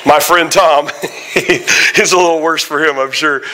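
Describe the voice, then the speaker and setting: A man preaching a sermon in a church, his voice pitched a little high for a man. His delivery is forceful and bright. He tells stories in an animated way, with frequent exclamations. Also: a little slow, low-quality recording. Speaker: guest pastor. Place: church sanctuary.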